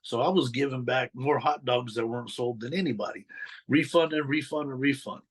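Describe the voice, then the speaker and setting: A man from Denver, once a mob associate and now a motivational speaker, tells his life story as an interview guest. His voice is medium-pitched, fairly quick, and slightly rough, and he animatedly acts out the people he quotes.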